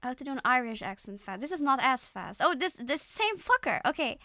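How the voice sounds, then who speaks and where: A woman's voice: high voice, very animated, a little fast, sharp tone, no echo. A young woman streaming as a VTuber, chatting casually with a giggly, playful, teasing manner.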